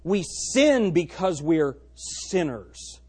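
A man preaching a sermon as pastor, swinging between loud emphatic lines and hushed ones. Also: a little high, sing-song, very slow, breathy edge.

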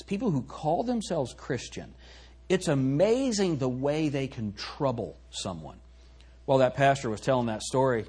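A man preaching a sermon as pastor, swinging between soft reflection and loud, emphatic exhortation. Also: medium pitch, slightly rough.

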